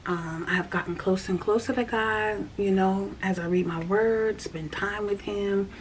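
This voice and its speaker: A woman giving a casual spoken faith check-in, earnest and repetitive, sometimes dropping to a soft whisper. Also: mid-range voice, fairly even intonation, normal speed. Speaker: vlogger sharing a faith check-in. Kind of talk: casual spoken testimony to camera. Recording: faint background noise.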